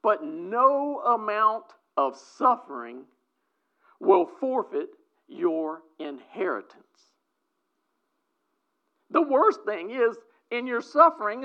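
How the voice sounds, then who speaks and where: Preacher, sermon, slow delivery, emphatic, dull lo-fi sound. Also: medium pitch, big pitch swings. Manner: emphatic preaching, swings from loud exclamations to quiet asides. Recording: dull lo-fi recording.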